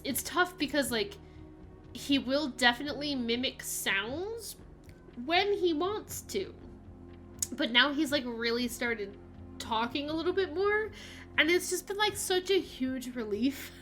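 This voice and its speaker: A woman's voice: high-pitched, fairly bright tone. A young woman streaming a video game, chatting casually and rambling with lots of filler words and giggles. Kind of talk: casual chat while playing a video game.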